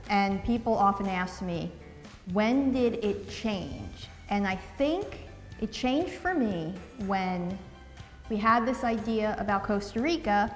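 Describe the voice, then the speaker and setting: A woman's voice: mid-range voice, long reverb tail. A woman from New Jersey, chatty and upbeat, talking through a recipe in a casual cooking vlog. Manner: chatty and upbeat, laughs easily.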